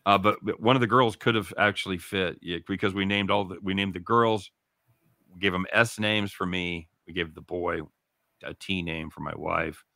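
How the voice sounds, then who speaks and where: A middle-aged man in loose sports-radio banter, his voice set fairly low but bright and forceful. He swears freely and gets excitable, and the sound is dry and close. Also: moderate pace, creaky, no echo. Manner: profane, excitable, laughs loudly. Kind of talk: casual sports talk banter.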